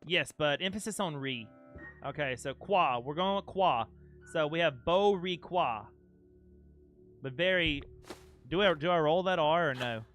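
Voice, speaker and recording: A man's voice: a little high, moderate pace, fairly bright tone, faint music behind. A young man streaming a game, chatting casually and playfully with his chat. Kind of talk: casual live-stream chat over gameplay.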